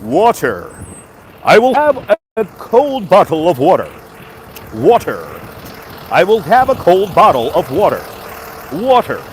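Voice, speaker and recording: A man putting on a slow, exaggerated mock accent to order a bottle of water, drawling the word out. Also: sits high, huge pitch swings, slight background noise, heavily acted, poor audio. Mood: playful.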